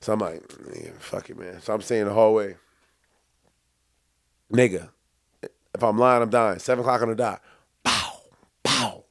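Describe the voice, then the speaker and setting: Animated man telling a story. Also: lowish voice, moderate pace, creaky, long pauses, dry recording, clean studio sound. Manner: animated, acts out quotes, laughs often. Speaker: podcast co-host. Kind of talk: casual storytelling.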